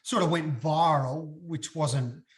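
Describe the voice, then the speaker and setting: A middle-aged Australian man, a former footballer, telling stories as a guest in a casual chat, acting out quotes with big jumps in his voice. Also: slow. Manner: animated, acts out quotes with big pitch jumps. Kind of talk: casual storytelling.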